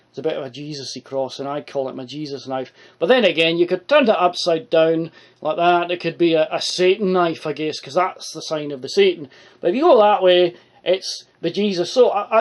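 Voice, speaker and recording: A man giving a crude, profane, rambling comic monologue to the camera. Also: fairly high pitch. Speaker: comedy vlogger.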